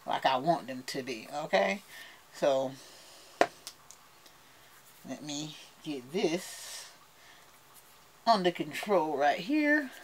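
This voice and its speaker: A woman's voice: deep voice, very animated, extremely slow, pauses often, noisy background. A woman with a Southern US accent, chatting playfully to camera as a beauty vlogger and laughing often. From United States. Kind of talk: casual chat to camera.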